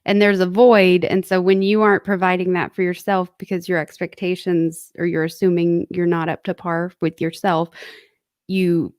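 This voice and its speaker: A woman's voice: on the low side, little pitch movement, moderate pace, a little mellow, no room sound, clean studio sound. Woman co-host reflecting back. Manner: reflective, sums up and affirms what the other speaker said. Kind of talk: casual conversational talk.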